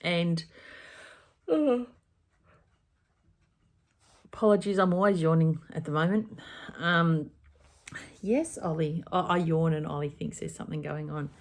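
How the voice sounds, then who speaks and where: A cross-stitch vlogger with a notably low voice chats casually about her stitching plans from her craft room. She speaks a little slowly, pauses often, and rambles, frequently backtracking and correcting herself mid-sentence in an easy home-vlog manner.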